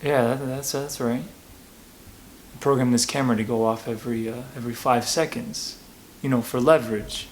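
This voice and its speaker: A stammering, desperate working-class henchman, played by a man, recounts his ordeal in a mock documentary interview. His voice sits at an ordinary middle pitch, broken by restarts and hesitations. A faint hiss runs underneath. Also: fairly even intonation, lightly acted. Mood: shaken. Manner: halting, stammering, full of restarts.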